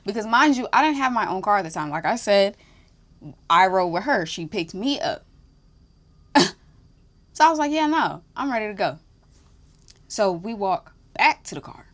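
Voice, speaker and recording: A young woman hosting a podcast, telling a story in casual chat, animated, swearing freely and breaking into laughs. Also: medium pitch, normal speed, long pauses. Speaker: podcast host.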